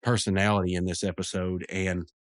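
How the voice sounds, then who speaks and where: Male podcast host, lowish voice, rambling recap with frequent laughs, dry close sound. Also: flat delivery, no room sound. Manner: rambling, laughs often, quick quoted voices. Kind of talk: casual episode recap.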